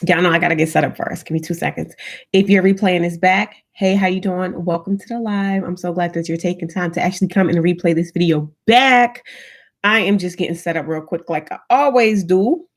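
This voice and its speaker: A woman's voice: lowish voice, a little fast. A woman hosting a casual live stream, chatting upbeat and greeting viewers one by one by name.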